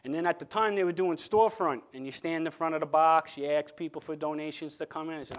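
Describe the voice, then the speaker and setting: A man's voice: a little high, quick pace, hardly any pauses. A man from Long Island, giving an earnest personal faith testimony and often stumbling and repeating words as he speaks. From Long Island, New York.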